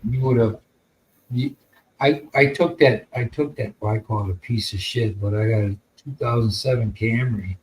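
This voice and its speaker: A man's voice: medium pitch, normal speed, darkish tone, slight background noise, rough recording. An American man telling a long, rambling story in casual podcast chat, with plenty of swearing. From United States. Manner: rambling, profane, laid-back. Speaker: podcast host.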